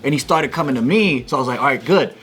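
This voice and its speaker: A man co-hosting a casual podcast, telling a story in an animated way, swearing freely and acting out the shouts. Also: mid-range voice, quick pace, breathy edge. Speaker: podcast co-host.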